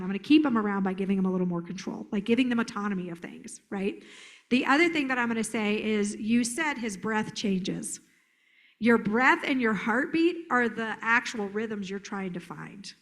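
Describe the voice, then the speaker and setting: Brief: middle-aged woman therapist presenting a workshop, playful and animated, slightly high voice. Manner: lively, playful, acts out children's voices. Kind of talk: conference workshop talk. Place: conference hall.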